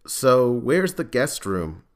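A man voicing a husky, tired woman agent. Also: mid-range voice, very animated, slow pace. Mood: sardonic.

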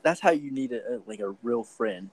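A young man hosting a podcast in casual chat, laid-back, cursing casually and tossing in quick reactions. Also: mid-range voice, expressive, poor audio. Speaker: podcast host.

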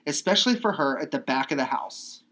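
A woman's voice: low-pitched, animated, a little fast, a bit bright, slight background noise. A woman co-hosting a casual chat podcast, chatty and swearing freely, reading from her notes. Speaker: podcast co-host.

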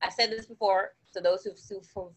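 A woman's voice: medium pitch, fairly even intonation, brisk, breathy edge. A woman co-hosting a podcast in casual chat, playful and teasing, laughing easily. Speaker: podcast co-host.

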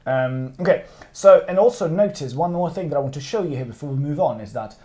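A man tutoring in a casual lesson, patient and playful, slowing down and repeating words to demonstrate. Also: fairly high pitch, animated, a little mellow. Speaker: Chinese tutor. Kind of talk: casual one-on-one language lesson.

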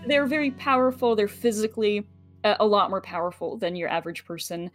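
A woman player talking through her character's world in a loose, casual way, with many pauses and fillers. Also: mid-range voice, fairly even intonation, soft background music. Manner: thinks aloud with many fillers.

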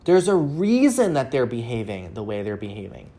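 A woman's voice: rumbling low, very animated, moderate pace, mellow. A woman speaking as a relationship coach, talking earnestly in a solo advice episode and asking rhetorical questions.

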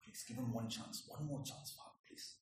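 A man voicing a meek advocate who pleads softly before a judge for one more chance, in a hushed and drawn-out way. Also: medium pitch, fairly even intonation, very echoey, far from the mic, slight background noise, voice pushed down, natural voice. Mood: pleading.

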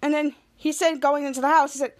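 A woman podcast host giving a casual, animated recap of a TV episode and acting out the characters' quoted lines. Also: high voice, fast.

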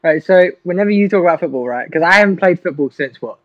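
A man's voice: high-pitched, animated, fast talker. A young man in casual chat, jokey and teasing, slipping into silly voices. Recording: dry, dull lo-fi recording.

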